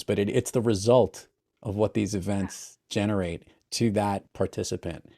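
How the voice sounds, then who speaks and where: A man's voice: on the low side, mellow. A man hosting an interview podcast, upbeat and enthusiastic, often addressing his listeners directly. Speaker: podcast host. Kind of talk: casual interview chat.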